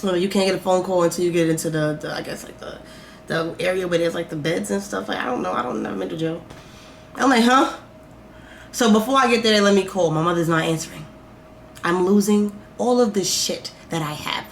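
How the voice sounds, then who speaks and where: A woman telling a personal story in a vlog, animated and profane, swinging between loud outbursts and slow, quiet musing. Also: on the low side, gravelly. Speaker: vlogger. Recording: roomy echo, faint background noise.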